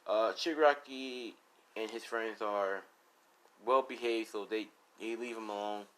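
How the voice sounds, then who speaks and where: A man's voice: fairly low pitch, measured pace, fairly bright tone. A man casually telling a fan story, rambling and full of fillers as he retells who said what.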